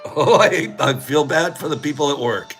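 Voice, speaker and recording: Host, male, middle-aged: goofy, laugh-prone, high bright voice that swings wildly, unhurried, light music underneath. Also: lively intonation. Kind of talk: casual livestream chat.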